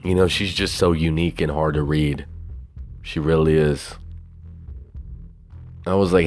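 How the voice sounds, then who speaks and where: Very deep-voiced profane podcast host. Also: male voice, fairly even intonation, unhurried, long pauses, a little mellow, soft background music. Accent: Southern US. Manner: profane, boastful, rambling. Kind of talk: casual solo podcast talk.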